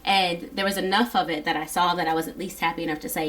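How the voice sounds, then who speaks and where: A woman's voice: on the low side, fairly even intonation, quick pace, a bit bright. A woman in casual conversation, chatty and joking, who acts out quoted lines. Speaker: guest. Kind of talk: casual chat.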